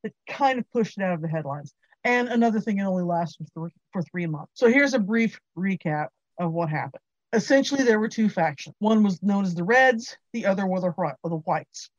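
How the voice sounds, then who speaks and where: A woman's voice: mid-range voice, expressive, a little fast, no echo. A woman co-host telling a history story in a wry, sarcastic way. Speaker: podcast co-host. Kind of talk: casual political commentary. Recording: dry, slightly dull sound.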